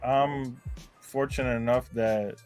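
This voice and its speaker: Soft-spoken co-host guy, mid pitch, lots of um and like, faint music in back. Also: fairly even intonation, slow. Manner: quiet, hesitant, lots of fillers. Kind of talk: casual chat.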